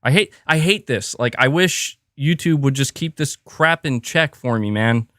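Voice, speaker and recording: A man hosting a live reaction stream. He reads out viewer messages and talks in quick restarts. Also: mid-range voice, lively intonation, a bit bright, no echo, studio quality. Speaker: livestream host.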